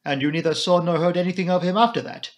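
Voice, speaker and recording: A man's voice: high voice, fairly even intonation, quick pace, voice pushed up, close to an everyday voice. A man voicing a fussy older male Belgian detective, formal and elaborately polite. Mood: theatrical polite.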